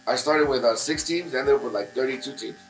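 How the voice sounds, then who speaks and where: A man's voice: medium pitch, a little fast, slight background noise, rough recording. Man telling a story in a barbershop. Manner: rambling storytelling with many fillers and restarts. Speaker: guest musician. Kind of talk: casual chat.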